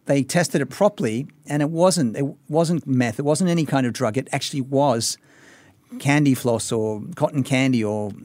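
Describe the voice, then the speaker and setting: A radio host from Australia talks through a news story in a relaxed, conversational way. His voice sits in a middle range. The sound is close and dry, from a studio mic. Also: medium pitch, moderate pace, no echo. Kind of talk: casual radio chat.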